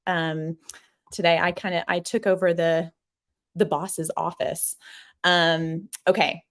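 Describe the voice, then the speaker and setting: A woman's voice: lowish voice, level tone, takes it slowly, a bit bright. Bubbly woman host on a live stream. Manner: bubbly, gushing, reads viewer comments aloud. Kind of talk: casual live-stream chat. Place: small office.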